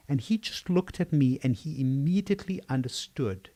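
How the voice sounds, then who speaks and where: A man's voice: mid-range voice, animated, moderate pace, mellow. An older man from South Africa with a South African accent, a psychiatrist answering interview questions in a thoughtful, storytelling way. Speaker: psychiatrist guest.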